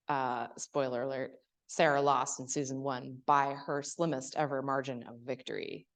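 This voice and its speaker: Casting: low-pitched woman author at a library talk, hesitant and chatty. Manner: hesitant, many fillers and restarts, storytelling.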